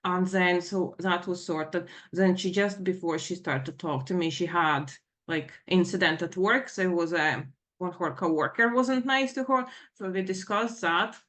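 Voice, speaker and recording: A middle-aged woman giving a personal account in a Q&A session, talking in a halting, rambling way full of fillers and nervous emotion. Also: fairly low pitch, fairly bright tone. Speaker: participant in a Q&A session.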